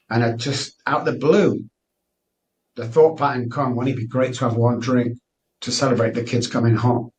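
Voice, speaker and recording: A man's voice: medium pitch, darkish tone, distant mic, a little hiss or hum, rough recording. Candid middle-aged man. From Manchester, England. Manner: earnest, candid, frequent restarts. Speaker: guest. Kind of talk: personal storytelling interview.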